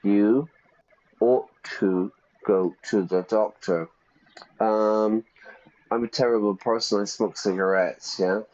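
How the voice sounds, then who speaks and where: A man's voice: on the low side, fairly even intonation, slow, a little mellow, highs cut off. A man teaching English while streaming a game, chatty, explaining with examples and checking in with "yeah?".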